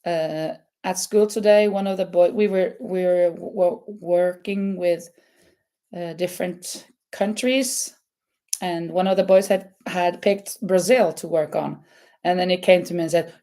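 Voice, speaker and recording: A woman from Norway with a Norwegian accent, hosting a casual live crochet chat in a halting way, with many fillers and restarts. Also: lowish voice, mellow. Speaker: crochet channel host.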